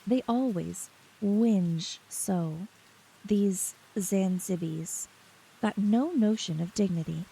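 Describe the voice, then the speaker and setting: A woman's voice: mid-range voice, animated, takes it slowly, darkish tone, slightly rough, low-quality recording. A woman voicing a male squad leader of northern soldiers in a whispered role-play reading, giving clipped, curt orders. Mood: scornful.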